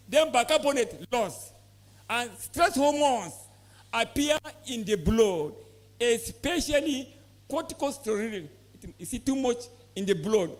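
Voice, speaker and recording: A man with a Nigerian English accent giving an emphatic conference talk to poultry farmers, often quizzing the audience with repeated questions. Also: very high-pitched. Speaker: poultry expert presenter. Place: conference hall.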